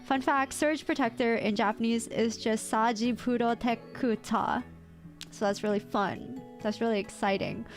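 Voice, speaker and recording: A woman with an American accent, a VTuber streamer, chats casually at normal speed over soft background music. Excitable and playful, she reads chat aloud and breaks into squeaky outbursts.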